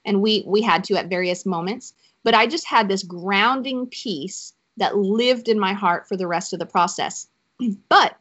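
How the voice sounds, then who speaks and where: A woman's voice: mid-range voice, fairly bright tone, dull audio. Emotional woman telling her story. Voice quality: emotional, choking up at times. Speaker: podcast guest. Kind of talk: personal faith testimony.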